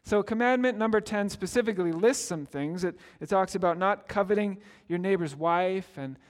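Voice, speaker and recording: Man, middle-aged, pastor, sermon, high voice, conversational storytelling, reverberant church hall. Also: normal speed. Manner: storytelling, conversational with acted quotes.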